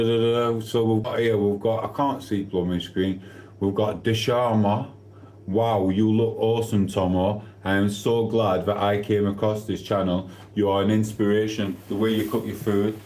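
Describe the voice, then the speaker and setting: A man's voice: lowish voice, a little mellow. A man chatting casually on a live stream, reading out viewer comments while he eats. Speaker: livestreamer. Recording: echoey room.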